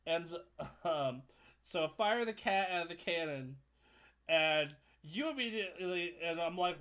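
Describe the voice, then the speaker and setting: A man co-hosting a casual gaming podcast, telling stories with animated energy, laughing and swearing freely. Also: on the high side, unhurried. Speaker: podcast co-host and streamer.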